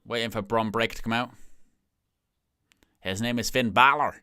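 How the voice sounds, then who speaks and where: A man's voice: medium pitch, moderate pace, bright, forceful tone, smooth, dry recording, clean studio sound. A man hosting a live stream, giving casual watch-along commentary and thinking aloud as he talks.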